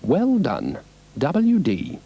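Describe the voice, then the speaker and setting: A man playing a jolly storybook magician, cheery and encouraging, a bit higher than his own voice with lively ups and downs. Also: drawn-out words, full character voice.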